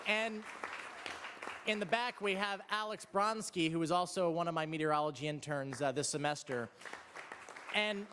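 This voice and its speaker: A man with a mid-pitched voice presents to a seminar audience, with long reverb trailing his words. He sounds upbeat but halting, with frequent ums and restarts as he introduces people and the forecast. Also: a bit bright. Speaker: seminar organizer and meteorologist. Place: seminar room before an audience. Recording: reverberant hall.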